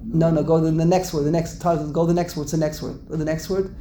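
A man's voice: a little high, level tone, brisk, warm tone. A man teaching a casual Torah class to a small group, digressive, often repeating himself and restarting sentences.

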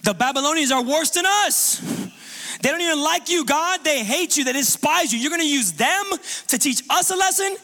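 A panicked prophet protests in a high, bright, urgent voice, as a man preaching puts him on. His disbelief rings into a hall with a long reverb tail. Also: lively intonation, moderate pace, exaggerated voice. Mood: alarmed. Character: alarmed, pleading male prophet. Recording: long reverb of a large room.

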